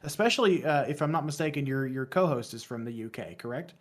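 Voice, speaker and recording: A man's voice: mid-range voice, animated, fast talker. A man in his thirties from West Virginia with a West Virginian accent, a podcast guest chatting casually, rambling and self-deprecating with frequent restarts. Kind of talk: casual interview chat.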